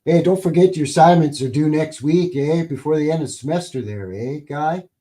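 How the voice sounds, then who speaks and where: A man's voice: a little high, fairly quick, mellow, pitched above the performer's own voice, lightly acted. A man putting on a laid-back Canadian university professor with a Canadian accent, chummy and tagging his lines with "eh.". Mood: folksy.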